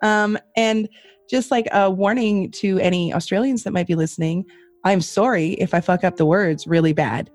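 A woman's voice: medium pitch, normal speed, darkish tone, dry recording. A woman hosting a podcast in casual chat, chatty and swearing freely while laughing at herself. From Canada. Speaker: podcast host.

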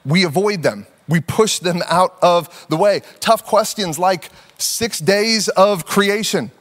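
A man in his thirties preaching a sermon in a conversational, animated storytelling manner, slipping into playful put-on voices. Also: high-pitched, slow, in a large hall. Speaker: pastor.

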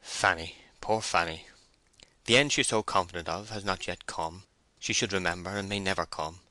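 A man gives voice to a brooding middle-aged farmer in an audiobook. The voice is very deep and bright, and he murmurs gravely. The sound is dry and close. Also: moderate pace, no echo. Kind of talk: audiobook character reading.

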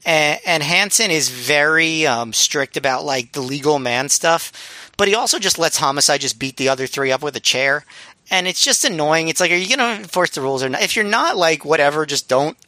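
Guy co-hosting a podcast, bright tense voice, rambly with lots of ums. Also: fairly high pitch, lively intonation, a little fast, dry recording. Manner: rambling with many ums and restarts. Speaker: podcast co-host. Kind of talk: casual chat reviewing wrestling.

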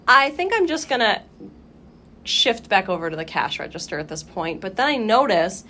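A young woman co-hosting a podcast, telling a story in casual chat, animated, swearing freely and acting out her own reactions. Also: medium pitch, moderate pace. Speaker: podcast co-host.

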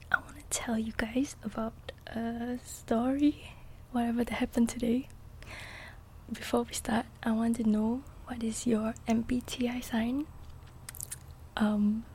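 A young woman, a little congested, chatting in soft-spoken ASMR and rambling through a story with lots of "okay?". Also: a little high, slight background noise. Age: young adult. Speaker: ASMR creator.

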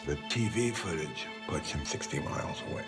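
An actor playing a grim, baffled detective in a crime drama trailer, over scary music. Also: male voice, a bass voice, expressive, normal speed.

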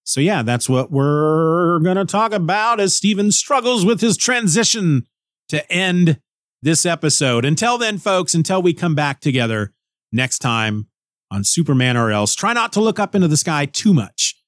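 A man's voice: on the high side, lively intonation, normal speed, fairly bright tone, no echo, clean studio sound. Goofy, self-mocking male podcast host. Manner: goofy, rambling, jokes at himself. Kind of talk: casual podcast monologue.

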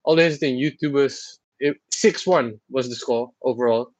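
A man hosting a podcast in casual chat, teasing and animated, with lots of fillers. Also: mid-range voice, normal speed, no echo, highs cut off. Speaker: podcast host.

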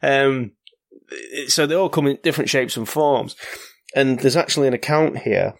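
A man's voice: medium pitch, normal speed, vocal fry, dry recording. A man co-hosting a podcast, chatting casually with fillers and restarts, and reading an old folk tale aloud.

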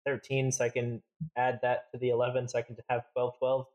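A man's voice: medium pitch, completely flat delivery, a little fast, darkish tone, lo-fi sound. A man playing a tabletop game with friends, complaining and swearing about the rules. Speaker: player. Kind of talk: casual tabletop game chat.

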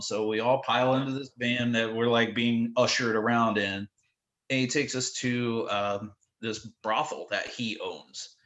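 A man telling animated stories in a relaxed interview, tossing in fillers as he goes. His voice sits at a middle pitch, and the room adds a noticeable echo. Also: normal speed. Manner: animated, lots of "like" fillers, acts out quotes. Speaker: guest telling tour stories. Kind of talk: casual storytelling in a podcast interview. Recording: roomy echo.

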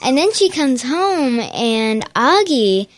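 A woman's voice: sits high, big pitch swings, slow pace, slight background noise. A woman co-hosting a casual show recap podcast, giggling often as she talks. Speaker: podcast co-host.

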